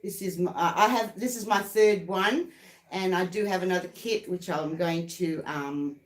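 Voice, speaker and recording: A woman's voice: on the low side, moderate pace. A middle-aged Australian woman chatting on a live stream, telling stories and laughing at them. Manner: warm storyteller, laughs at her own stories. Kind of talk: casual live chat. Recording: echoey room.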